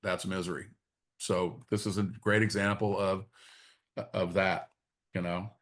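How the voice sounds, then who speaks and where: Low-voiced man leading a reflective teaching talk. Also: little pitch movement, fairly bright tone. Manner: halting, repeats words, frequent tag questions. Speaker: spiritual study group leader.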